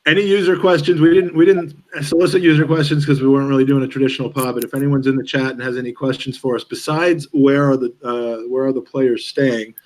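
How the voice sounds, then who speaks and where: A male podcast host in loose, casual chat, mid-range in pitch. He stops and restarts often, leans on fillers and slips in dry jokes. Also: fairly even intonation. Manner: halting, jokey, many fillers and restarts.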